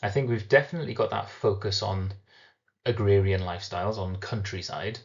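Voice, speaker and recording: A man teaching a recorded literature lesson, explaining step by step and slowing down to sound out syllables. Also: on the low side, steady tone, gravelly, a little mellow, dull audio.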